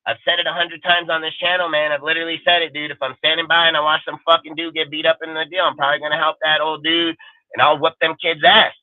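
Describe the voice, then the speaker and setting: A man with a high voice hosts a sports talk panel and lets loose a furious, profanity-laced rant. He talks aggressively, boasts, and fires off insults one after another. His voice comes through tinny and phone-like, with a dry sound. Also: flat delivery, quick pace, no echo. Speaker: show host.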